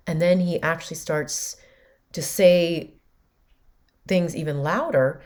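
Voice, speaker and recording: A woman's voice: deep voice, steady tone, unhurried, darkish tone. A woman host candidly recounting a personal story in a conversational way. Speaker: podcast host.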